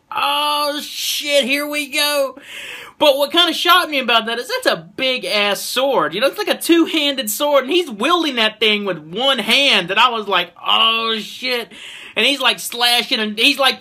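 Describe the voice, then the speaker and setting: Man, casual anime review, hyped, swears a lot, high voice. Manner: excitable, swears freely, retells the plot with lots of filler.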